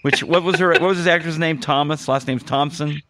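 A man's voice: on the high side, fairly quick. A young man hosting a casual movie-review podcast, joking and laughing at his own lines. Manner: jokey, animated, laughs at his own jokes. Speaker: podcast host.

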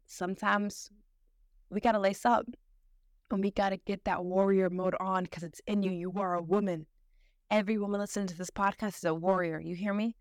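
A woman's voice: fairly low pitch, no room sound. Encouraging sisterly woman podcaster, dry sound. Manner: sisterly, encouraging, slangy and emphatic. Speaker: podcast host. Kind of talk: motivational podcast monologue.

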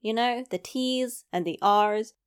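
A woman's voice: a little high, takes it slowly, clear, resonant tone. A young woman with a British accent, chatting to camera and telling stories about her own experiences. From Britain. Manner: chatty, reflective storytelling. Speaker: vlogger. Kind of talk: casual chat to camera.

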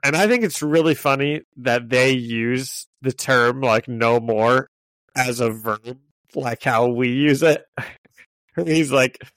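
A man's voice: medium pitch, takes it slowly, fairly bright tone, no echo. A man co-hosting a podcast, chatting and laughing as he recaps a comic, often restarting his sentences. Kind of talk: casual chat.

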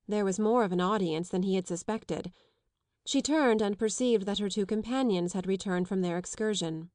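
A woman narrating a classic novel as an audiobook, reading steadily and clearly. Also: medium pitch, moderate pace, darkish tone, no room sound, studio quality. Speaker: audiobook reader. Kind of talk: scripted literary narration.

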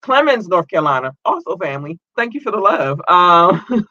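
A young American man hosting his own podcast, reading out listener shout-outs in an excited, thankful, chatty way. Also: sits high, normal speed, no echo, lo-fi sound. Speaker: podcast host.

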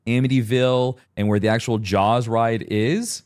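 A man's voice: mid-range voice, moderate pace, smooth. A man in his thirties co-hosting a casual podcast, telling stories and acting out what people said. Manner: animated storyteller who acts out quotes. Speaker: podcast co-host.

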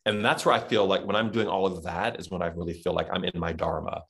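A man's voice: deep voice, fairly even intonation, quick pace, vocal fry, fairly bright tone. A middle-aged man from Texas with a Southern accent, chatting reflectively as an interview guest with many fillers. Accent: Southern American. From Texas, USA. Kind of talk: casual interview chat.

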